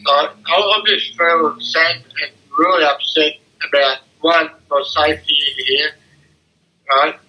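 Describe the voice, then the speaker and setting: A man's voice: a little high, steady tone, measured pace, bright, forceful tone. Shaken older man on a phone line. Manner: distressed, swearing, repeating himself. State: shaken and tearful. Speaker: interviewee. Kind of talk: emotional phone interview.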